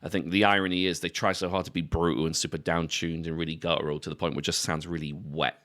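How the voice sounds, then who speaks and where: Very deep-voiced laid-back man. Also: level tone, quick pace, fairly bright tone. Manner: laid-back, swears casually, laughs at own jokes. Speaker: podcast co-host. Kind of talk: casual chat.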